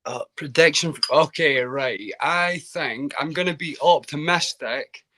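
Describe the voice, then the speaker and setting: Calling in over video to a live football stream, this Scottish caller chats casually about football, putting himself down and tripping over his words. His voice is a little high, unhurried, bright, and forceful.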